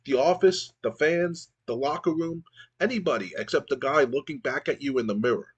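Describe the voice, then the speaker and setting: A fed-up, gritty brawler speaks bluntly and demands a fight, read aloud by a man. The delivery is raised in pitch and a touch louder than the reader's everyday voice, with little real acting. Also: moderate pace, slightly rough, highs cut off, lightly acted. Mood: challenging. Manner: blunt, challenging.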